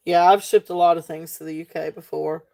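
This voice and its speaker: A woman from South Central Virginia with a Southern accent hosts a live jewelry sale, chatting casually with lots of fillers and thanking viewers by name. Her voice is lowish and a little mellow, with vocal fry.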